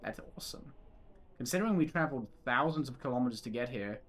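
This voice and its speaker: A man's voice: medium pitch, lively intonation, racing, fairly bright tone. Rambling young man streaming a visual novel. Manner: giggly, rambling, swears freely. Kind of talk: reading a visual novel aloud with live chat.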